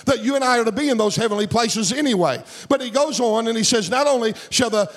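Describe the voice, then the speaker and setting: High-voiced fervent preacher man. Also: fast. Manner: fervent, shouting bursts, sing-song cadence. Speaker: pastor. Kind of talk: sermon.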